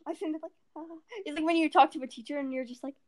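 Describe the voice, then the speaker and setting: A teenage girl co-hosts a podcast, chatting casually in a giggly, rambling way and stumbling over her words. She talks fast in a high voice with fairly even intonation.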